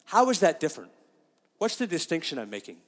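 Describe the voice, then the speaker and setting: A man's voice: a little high, wildly swooping pitch, fast, in a large hall. A middle-aged man preaching a sermon as pastor, emphatic and often asking his congregation questions.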